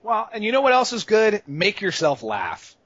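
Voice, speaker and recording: A man giving casual advice on a podcast, animated, swinging between loud bursts and quiet asides, with some swearing. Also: high-pitched, normal speed, no echo. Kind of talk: casual advice chat about gaming rage. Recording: dull, slightly lo-fi dry sound.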